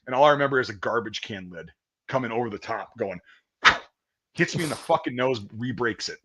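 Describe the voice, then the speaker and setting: A man telling a basic-training story in casual chat, profane and animated, acting out the quotes loudly. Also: medium pitch, brisk, very noisy. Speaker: podcast host telling a story.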